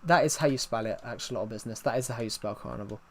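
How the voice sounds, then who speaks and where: A man's voice: mid-range voice, fast talker, a little hiss or hum. A man, chatting casually on a live stream, answering chat with many fillers and restarts. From England.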